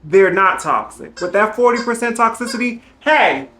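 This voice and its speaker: A woman's voice: mid-range voice, lively intonation, normal speed, a bit bright, reverberant. A woman vlogger chatting casually and sassily to her viewers at home while packing up to move, calling them girl and child.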